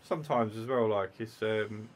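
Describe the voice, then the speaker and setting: A man's voice: fairly low pitch, moderate pace, a little hiss or hum. A man co-hosting a podcast, chatting in a laid-back way and swearing casually. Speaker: podcast co-host. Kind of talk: casual chat.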